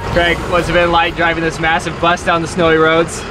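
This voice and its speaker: A man's voice: on the high side, completely flat delivery, a little fast, over music. Upbeat man narrating a travel vlog. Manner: upbeat, laughs often. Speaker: vlog host.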